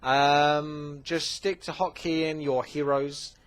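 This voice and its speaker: A man's voice: fairly high pitch, little pitch movement. A man hosting a gaming channel, casually answering viewer questions, chatty and full of fillers. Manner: chatty, with many fillers and quick asides. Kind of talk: casual Q&A commentary.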